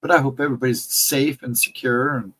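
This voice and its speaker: Hoarse man chatting casually on a livestream. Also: mid-range voice, fairly even intonation, fairly quick, a bit bright, low-quality recording. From central Ohio, United States. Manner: rambling, chatty, greets viewers by name. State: voice cracking, fighting laryngitis. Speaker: livestream co-host.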